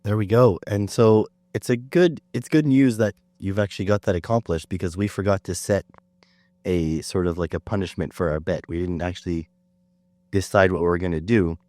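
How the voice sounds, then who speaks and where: Under the weather and sick, a Canadian podcast host with a very low voice rambles through a laid-back chat at a moderate pace. He's relaxed and self-deprecating, full of ums and uhs, and the sound is close and dry with no room echo.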